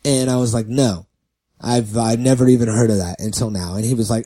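Laid-back man telling a story, mellow tone. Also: on the low side, steady tone, quick pace. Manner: laughing storyteller, swears, acts out people he quotes. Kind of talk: casual comedic chat.

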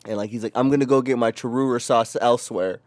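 A young man co-hosting a casual podcast, telling a rowdy story with lots of profanity and loud acted-out quotes. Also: mid-range voice, fast, dry recording. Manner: animated, profane, acts out quotes in a raised voice. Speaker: podcast co-host.

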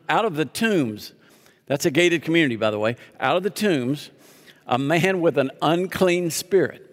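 A man preaching a sermon as pastor, reading scripture aloud and leading the congregation in call-and-response with joking asides. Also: fairly high pitch. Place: church sanctuary. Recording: long reverb of a large hall.

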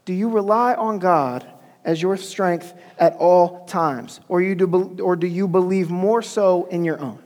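A man's voice: high-pitched, measured pace, a little mellow. A man preaching a sermon in a church, telling stories in a conversational way and calling for responses from the congregation. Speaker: pastor. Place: church sanctuary. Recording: long church-hall reverb.

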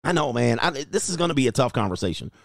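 A man hosting a casual livestream, reading viewer comments aloud, animated and laughing, with loose swearing. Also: medium pitch, quick pace, gravelly, dry recording, studio quality. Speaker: livestream host reading chat.

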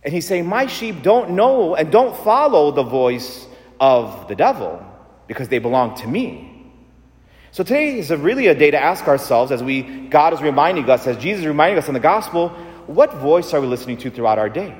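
A man preaching a sermon in a conversational, animated way, asking his listeners questions. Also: fairly high pitch, moderate pace. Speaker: priest. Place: church. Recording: long church reverb.

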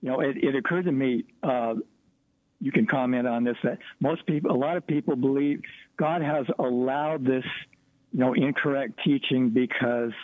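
A man's voice: medium pitch, moderate pace, no room sound. A man from Missouri calling in to a radio show, hesitant and full of restarts. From Missouri, USA. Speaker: caller. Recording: tinny phone line.

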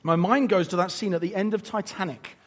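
A male preacher giving a sermon in an animated, humorous, conversational way. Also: sits high, fairly quick.

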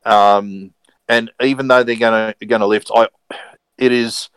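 This sports podcast co-host has a lowish, smooth, somewhat bright voice with a steady tone and an unhurried delivery. In the casual chat he hesitates, uses many fillers, restarts often, and words things carefully. No room sound, but low-quality recording.

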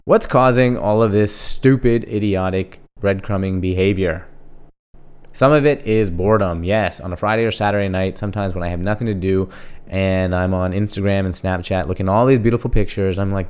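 A man hosting a casual solo podcast, asking himself questions and answering them in a jokey, animated way. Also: low-pitched, fairly quick, clean tone. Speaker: podcast host.

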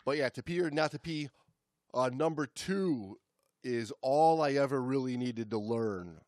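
Guy co-hosting a podcast, mid pitch, laid-back and steady, dry close sound. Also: measured pace, dry recording. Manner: relaxed, steady, explanatory. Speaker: podcast co-host. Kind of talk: casual podcast chat.

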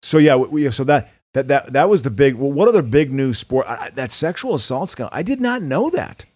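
A man's voice: medium pitch, very animated, a little fast, a little mellow, no echo. A man co-hosting a podcast in casual chat, often stammering and repeating his words. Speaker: podcast co-host.

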